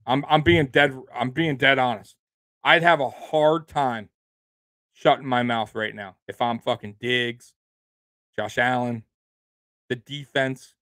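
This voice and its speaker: A man's voice: mid-range voice, steady tone, takes it slowly, pauses often, bright, forceful tone, no echo, studio quality. A man hosting a sports show, delivering a heated, profane rant that keeps repeating its points for emphasis.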